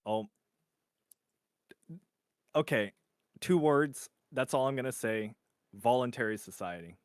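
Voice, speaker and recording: A man as guest on a livestream, chatting casually and jumping in with quick rambling points. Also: mid-range voice, expressive, smooth, dry recording, clean studio sound. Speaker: guest co-host.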